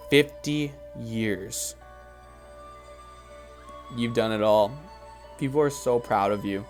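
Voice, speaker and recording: A man leading a guided visualization as a motivational speaker, emphatic and repetitive, rising to excited peaks. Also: mid-range voice. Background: faint background music.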